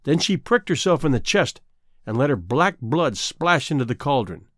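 A man narrating a fairy tale aloud in an expressive, measured storytelling manner. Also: mid-range voice, no room sound, studio quality. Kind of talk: storybook reading.

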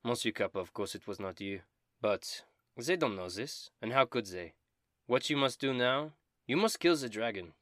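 A man's voice: medium pitch, animated, moderate pace, a bit bright, no room sound, studio quality, pitched above the performer's own voice, close to an everyday voice. A man voicing an ambitious, self-important male bard, speaking formally. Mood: scheming.

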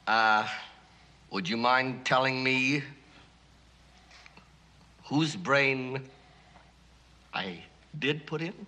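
An actor playing an earnest young male doctor who talks in a gentle, coaxing, measured way, in a comedy film scene. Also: medium pitch. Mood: polite, wary. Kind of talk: 1970s film comedy acting.

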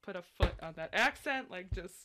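A woman's voice: lowish voice, expressive, moderate pace, background noise. A woman talking candidly in a casual podcast chat, swearing freely and laughing often.

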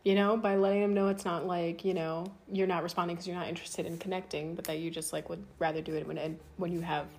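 A woman's voice: on the low side, flat delivery, fast, hardly any pauses, a little mellow, slight background noise. A woman co-hosting a podcast in casual chat, joking and rambling through her points. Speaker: podcast co-host.

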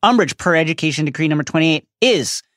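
A man co-hosting a podcast, excitedly discussing a book, profane, slipping into playful character voices. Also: fairly high pitch, fast, no room sound, studio quality. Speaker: podcast co-host.

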